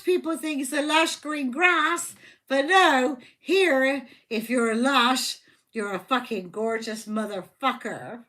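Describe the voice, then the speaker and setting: A woman's voice: sits high, lively intonation, takes it slowly, fairly bright tone. A woman giving a casual live tarot reading, blunt, joking and full of swearing. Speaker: tarot reader. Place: home livestream.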